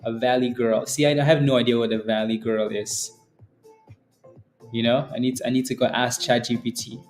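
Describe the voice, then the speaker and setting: A man talks through market charts on a live trading stream in a loose, casual way. He rambles, repeats words and keeps checking in with "right?". Faint music plays softly underneath him. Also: medium pitch, steady tone, moderate pace. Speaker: stock trading livestream host.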